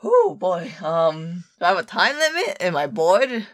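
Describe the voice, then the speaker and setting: A woman's voice: fairly low pitch, sing-song, a little slow. A woman co-hosting a podcast who answers quiz questions with dry, sarcastic jokes. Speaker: podcast co-host taking a quiz. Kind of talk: casual podcast chat.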